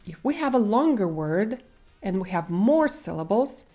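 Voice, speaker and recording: A woman's voice: medium pitch, sing-song, normal speed, warm tone, soft background music. A young woman with a Russian accent teaching pronunciation in an online lesson, speaking carefully and stretching out example words.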